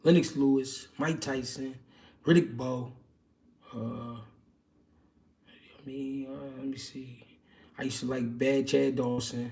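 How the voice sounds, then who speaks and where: A man's voice: medium pitch, steady tone, measured pace, gravelly, long pauses, darkish tone, recorded from a distance. A man hosting a livestream, answering viewer questions in casual, slangy boxing chat with loose street talk and many fillers.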